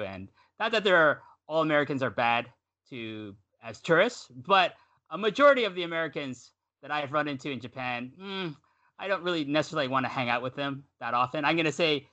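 A Canadian man co-hosts a podcast in a loose, chatty way. He rambles, backtracks and corrects himself. His voice is bright and very animated in pitch. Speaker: podcast co-host. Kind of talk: casual podcast chat.

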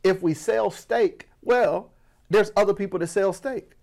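A man from Florida coaching on business, talking to the audience as family with a playful, animated delivery. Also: high-pitched, unhurried, creaky. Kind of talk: energetic motivational teaching.

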